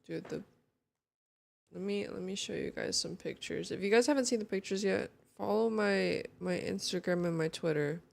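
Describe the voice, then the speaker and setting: A woman's voice: medium pitch, normal speed, vocal fry, darkish tone. A young woman streaming from home, chatting casually with her viewers in a sleepy morning voice and greeting them one by one. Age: young adult. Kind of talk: casual chat.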